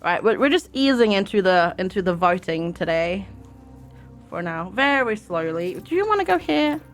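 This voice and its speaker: A woman's voice: medium pitch, very animated, moderate pace, soft background music. A woman from Germany streaming a game live, chatting casually and greeting viewers by name into a desk microphone.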